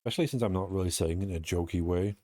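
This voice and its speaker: Young British streamer, low voice, rambling and self-mocking chat, a bit sweary. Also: male voice, racing, mellow. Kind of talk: casual streaming chat while playing.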